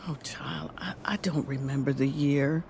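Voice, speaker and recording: An actress playing a reflective older grandmother and philosophy professor, speaking in a measured way in an audio drama. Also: sits low, lively intonation, darkish tone, slight background noise. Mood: wistful.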